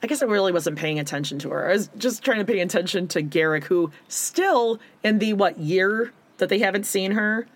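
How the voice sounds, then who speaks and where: A woman's voice: mid-range voice, brisk, few pauses. A woman co-hosting a casual podcast, recapping a TV show and acting out scenes in mocking voices. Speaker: podcast co-host.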